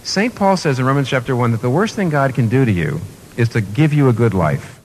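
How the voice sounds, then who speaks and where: A man's voice: medium pitch, animated, fairly quick, a little hiss or hum. A man preaching a sermon in an earnest way, often restarting and repeating phrases for emphasis.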